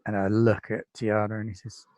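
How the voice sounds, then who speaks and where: A British man runs a tabletop game, laying out scenes in an easygoing, descriptive way and filling gaps with ums. His voice sits on the low side and is recorded dry and close, with no room around it. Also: little pitch movement, brisk, darkish tone, no echo, poor audio. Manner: easygoing, descriptive, with many fillers. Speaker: game master.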